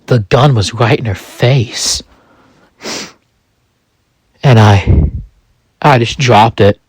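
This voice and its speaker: Slow, halting man telling a story. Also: medium pitch, slightly rough, no room sound. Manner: halting, with many restarts and pauses. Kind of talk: first-person narration of a fictional story.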